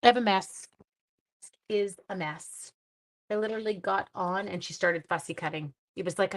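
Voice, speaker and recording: A woman talks her viewers through a paper craft on a casual livestream. She is chatty and giggly and pokes fun at herself as she works. Her voice sits in an ordinary middle pitch. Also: normal speed. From Canada. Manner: chatty, giggly and self-deprecating. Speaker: craft class host and schoolteacher.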